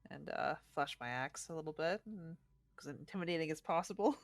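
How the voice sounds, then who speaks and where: A woman with a lowish, lively voice plays a tabletop game, tentative and giggling. The sound is dry and close, and faint music plays behind her. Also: fairly quick, creaky, no room sound. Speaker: player.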